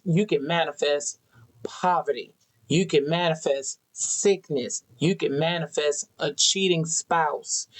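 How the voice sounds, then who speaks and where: A tarot reader talking slowly and deliberately to an unseen audience, pulling oracle cards and drawing lessons from them. The delivery is earnest and preachy, and key phrases come back again and again. The voice sits at an ordinary middle pitch. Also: low-quality recording. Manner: preachy, earnest direct address with repetition. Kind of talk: spiritual oracle card reading addressed to viewers.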